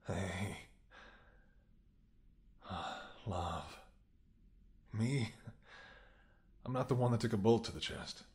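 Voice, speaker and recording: A man voicing a protective male bodyguard who is anxious and tender toward his lover, in a soft, gently scolding whispered role-play. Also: lowish voice, slow pace, long pauses, slight background noise. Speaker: voice actor.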